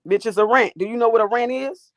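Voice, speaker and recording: A woman's voice: fairly high pitch, fast, no echo, clean studio sound. A woman hosting a livestream, ranting and talking back to her chat in a profane, confrontational way. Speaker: livestream host.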